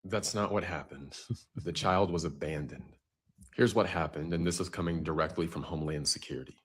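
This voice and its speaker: A man flatly correcting a story and reading out an official statement. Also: low-pitched, brisk, slight background noise. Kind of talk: political commentary.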